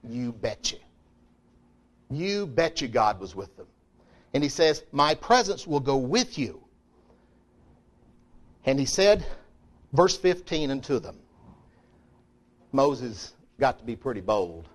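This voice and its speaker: A middle-aged man preaching a sermon in a folksy, emphatic way, swinging between loud declarations and quiet asides. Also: medium pitch, big pitch swings, takes it slowly, pauses often.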